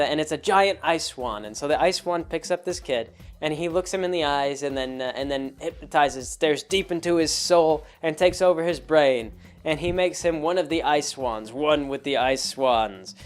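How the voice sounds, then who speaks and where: A man hosting his show, telling a rambling story about a tabletop game with many restarts. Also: on the high side. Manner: rambling, animated, full of restarts. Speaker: host. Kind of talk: casual storytelling monologue.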